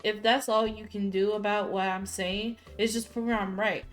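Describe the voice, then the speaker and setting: A woman's voice: mid-range voice, moderate pace, soft background music. Rowdy woman streamer reading a game. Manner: loud, profane, excitable outbursts between plain reading. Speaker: gaming streamer. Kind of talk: reading a story game aloud with reactions.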